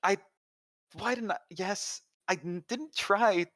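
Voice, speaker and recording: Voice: mid-range voice, slow, fairly bright tone, dry recording, clean studio sound. Rambling, giggly tabletop player. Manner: rambling, self-interrupting, giggly. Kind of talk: casual tabletop game chat.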